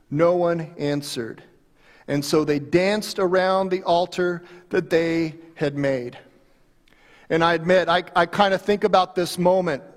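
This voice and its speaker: Animated preacher with a long echo. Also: male voice, high voice. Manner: animated storytelling, dramatic pauses and swings in volume. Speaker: pastor. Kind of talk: sermon. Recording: long hall reverb.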